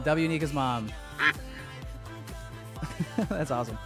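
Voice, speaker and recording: A man hosting a casual livestream, bantering excitedly with his chat and running giveaways. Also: medium pitch, normal speed, music in the background.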